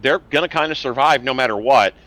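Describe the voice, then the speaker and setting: Bright-voiced man ranting with heavy swearing. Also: medium pitch, fairly quick, rough recording. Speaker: podcast co-host. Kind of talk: casual chat.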